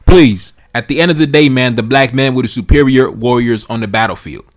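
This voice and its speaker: Fast, emphatic male history commentator. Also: medium pitch. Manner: emphatic, sarcastic rhetorical questions, colloquial.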